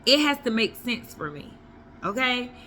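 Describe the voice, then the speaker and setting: A woman's voice: a little high, very animated, moderate pace, pushed and bright, a little hiss or hum. A woman vlogger giving blunt, emphatic relationship advice in a casual monologue. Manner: blunt, emphatic, repeats herself for effect.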